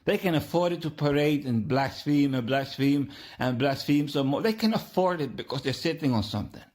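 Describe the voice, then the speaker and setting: A man's voice: on the high side, animated, brisk, a little mellow. A man hosting a podcast, a delivering an emphatic, preachy religious monologue with lots of repetition. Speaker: podcast host.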